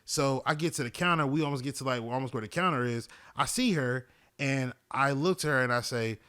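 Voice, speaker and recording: A young man hosting a podcast, telling a story in a casual, animated and profane way. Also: medium pitch, a little fast, clear, resonant tone. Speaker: podcast host.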